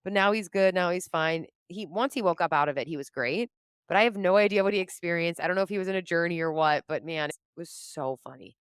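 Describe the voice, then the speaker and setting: A woman with a smooth, clear voice that sits a little low, recorded close and dry with no room sound. She chats casually as a podcast guest, telling a story with lots of animation and acting out what she and others said. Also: fast talker, no room sound. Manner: animated, acts out her own quotes, laughs often. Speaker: podcast guest, comedian and entrepreneur.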